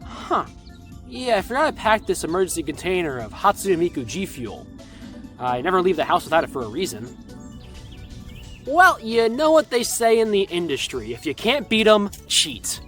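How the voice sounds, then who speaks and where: A man's voice: sits high, sing-song, moderate pace, fairly bright tone, soft background music. A man doing exasperated, profane, self-mocking gaming commentary. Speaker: YouTuber playing a game.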